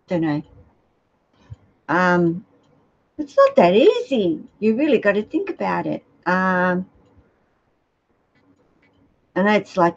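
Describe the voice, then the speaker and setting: This Australian reptile-keeper vlogger speaks at a medium pitch, animated yet slow, pausing often as she answers viewer questions. She rambles and hesitates with plenty of fillers, and the recording's highs are cut off.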